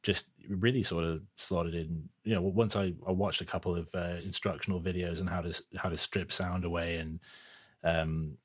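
A man's voice: low-pitched, steady tone, normal speed, slightly rough, no room sound. A man chatting on a podcast about recording his band, rambling with many restarts and fillers. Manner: hesitant, full of restarts and fillers, enthusiastic. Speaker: band member who recorded and mixed the EP.

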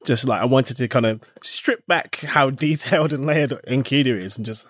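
A man co-hosting a podcast, talking about his character in a relaxed, loose way. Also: medium pitch, moderate pace, no echo, clean studio sound. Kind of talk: casual podcast chat.

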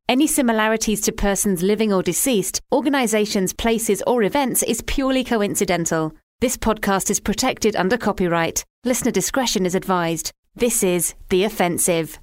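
A woman reading a formal content warning in a measured way. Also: mid-range voice, no room sound, studio quality. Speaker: disclaimer announcer. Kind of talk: scripted announcement.

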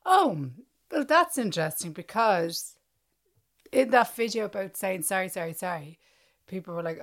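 A woman's voice: mid-range voice, animated, moderate pace. A woman with an Irish accent co-hosting a podcast, talking animatedly in casual chat and acting out little exchanges. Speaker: podcast co-host.

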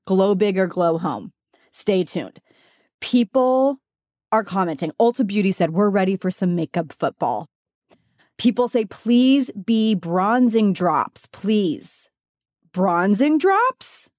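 A woman co-hosting a beauty podcast in casual chat, talkative and quick to laugh and tear up. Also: medium pitch, a little mellow, no echo, studio quality. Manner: chatty, gets emotional and laughs through tears. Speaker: podcast co-host.

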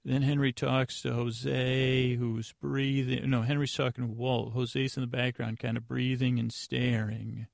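A man hosting a podcast, giving a rambling, deadpan comedic recap of an episode with lots of fillers and restarts. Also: medium pitch, measured pace, vocal fry, hardly any pauses, no echo, clean studio sound. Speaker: podcast host.

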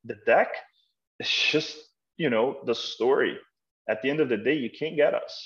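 A man's voice: mid-range voice, moderate pace, a bit bright. Emphatic male start-up founder, persuasive. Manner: emphatic, persuasive storytelling with rhetorical questions. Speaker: start-up co-founder and executive, interview guest. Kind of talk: conversational interview. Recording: slightly muffled, lo-fi podcast audio.

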